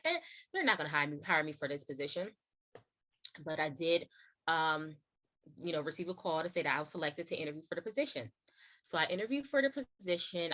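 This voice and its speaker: A young woman hosting and telling a personal testimony in a casual, chatty way, full of "like" and "you know", acting out quoted lines in a high voice. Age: young adult. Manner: acts out quotes in a high excited voice. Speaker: host sharing her testimony.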